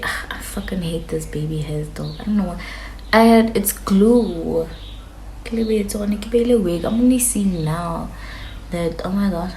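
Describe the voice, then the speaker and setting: A young woman telling a story to camera in a casual, animated way, cursing freely. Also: mid-range voice, a little hiss or hum. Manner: animated, chatty, swears freely, acts out quotes. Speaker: vlogger. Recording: echoey room.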